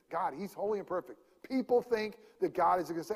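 A man preaching a sermon, swinging from loud emphasis to hushed near-whispers. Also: high voice, expressive, a little fast, few pauses, husky, big-room sound. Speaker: pastor.

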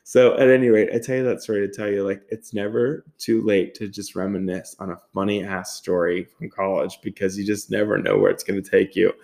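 Laughing, rambling podcast host. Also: male voice, fairly low pitch, little pitch movement, brisk, creaky, few pauses, darkish tone. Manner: swearing, laughing, rambling with lots of "like". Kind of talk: casual storytelling monologue.

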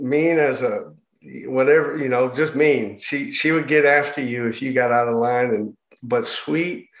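A man giving a personal testimony about his hard childhood, speaking haltingly, with frequent restarts and pauses. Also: medium pitch. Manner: halting, with many restarts and fillers. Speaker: speaker sharing his life story. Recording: roomy echo.

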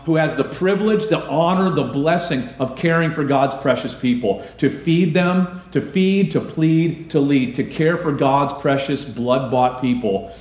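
A man's voice: a little high, darkish tone. Preaching man in an echoey room. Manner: asks the congregation questions and answers them. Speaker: pastor. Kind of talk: sermon.

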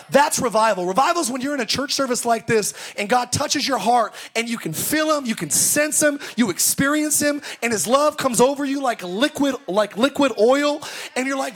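A male pastor preaching a sermon at a church service, telling stories and breaking into shouted exclamations. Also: very high-pitched, animated, moderate pace. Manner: storytelling, bursts into shouted exclamations.

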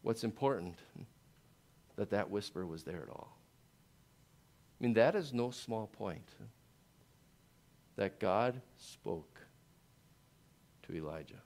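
A male pastor preaching a sermon, dropping to slow hushed lines and building to loud rising peaks. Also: lowish voice, lively intonation. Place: church.

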